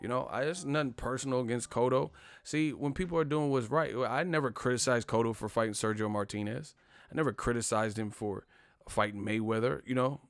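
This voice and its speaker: A man hosting a boxing channel rants in casual live-stream commentary, full of slang and profanity. His mid-range voice moves fairly quickly, and his manner is animated.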